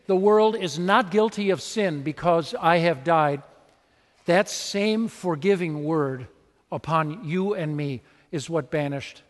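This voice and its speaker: A man's voice: high voice, long reverb tail. A man preaching a sermon in a church, talking conversationally and acting out little scenes as he goes. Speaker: pastor.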